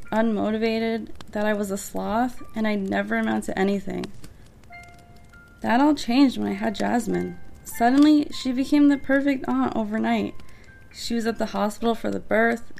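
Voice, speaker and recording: Woman plays bitter young mom, gravelly fry, a bit high. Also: darkish tone. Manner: defensive, resentful storytelling. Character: young single mother, guarded and bitter.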